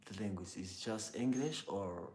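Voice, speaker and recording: A young man from Algeria with an Algerian accent, chatting casually with live viewers and often pausing to search for his words. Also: on the low side, noisy background. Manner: halting, searching for words, heavy use of "like" and "you know". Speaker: live streamer answering chat.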